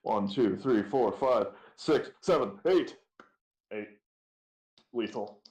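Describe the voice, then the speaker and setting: A man's voice: on the low side, lively intonation, slow pace, darkish tone, dull audio. A man playing a tabletop game, casual and swearing often. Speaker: player. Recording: echoey room.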